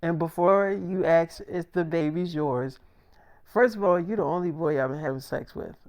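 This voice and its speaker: A man's voice: fairly high pitch, moderate pace, a little mellow, close to an everyday voice. A man voicing a blunt, impatient young woman who announces she is pregnant. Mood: insistent. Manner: blunt, exasperated.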